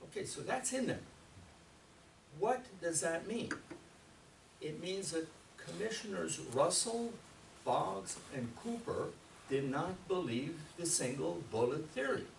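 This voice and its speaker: A man's voice: a little high, animated, takes it slowly, vocal fry, a little hiss or hum. A man giving a conference talk, emphatic and full of rhetorical questions to the audience, recorded on a distant camera in a hall. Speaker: conference speaker. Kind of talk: lecture to an audience. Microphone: far camera. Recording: distant camera mic in an echoey room.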